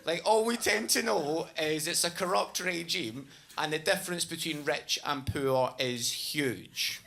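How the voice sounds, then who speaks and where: A man's voice: fairly high pitch, unhurried, gravelly, sharp tone. A man doing stand-up on a club stage, telling a self-mocking story in a chatty way and acting out the people in it. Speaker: stand-up comedian. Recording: live club recording with noise.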